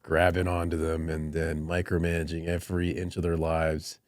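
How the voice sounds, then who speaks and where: A man's voice: extremely low pitch, completely flat delivery, moderate pace, no echo, studio quality. A middle-aged man, a Marine colonel, telling stories in a podcast conversation and laughing through his anecdotes.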